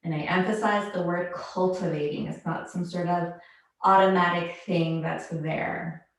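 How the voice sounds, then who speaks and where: Slow, calm woman yoga teacher in echoey room. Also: on the low side. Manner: slow, calm cueing of poses and breath. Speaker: yoga instructor. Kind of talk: guided yoga class instruction.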